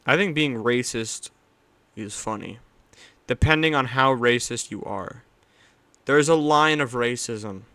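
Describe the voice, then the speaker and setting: A man's voice: medium pitch, measured pace, pauses often, sharp tone. A young man hosting a podcast, chatting casually with crude, rambling, self-correcting talk. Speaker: podcast host.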